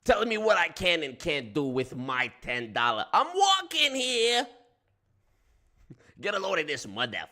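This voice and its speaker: Brash new york mobster guy with a put-on accent, swings all over in pitch, swears a lot, a streamer puts him on. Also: wildly swooping pitch, normal speed, pushed and bright, exaggerated voice. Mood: indignant. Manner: blustering, swearing, repeating himself. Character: brash profane middle-aged New York mobster man.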